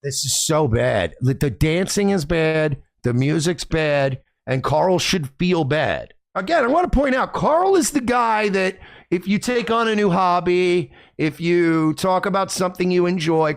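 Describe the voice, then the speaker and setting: A man's voice: on the high side, vocal fry. A male streamer host giving profane, ranting livestream commentary full of contempt.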